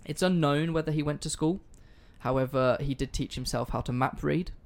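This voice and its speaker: A man's voice: on the high side, normal speed, creaky. A man hosting a casual history podcast, telling the story in a loose, sweary, joking way. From not American. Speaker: podcast host.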